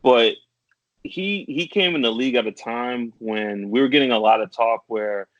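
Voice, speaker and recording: A man's voice: mid-range voice, moderate pace, fairly bright tone, dry recording. A man in his thirties, co-hosting a podcast in casual chat, reflective, stammering now and then and laughing between thoughts. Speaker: podcast co-host. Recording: dry, dull lo-fi sound.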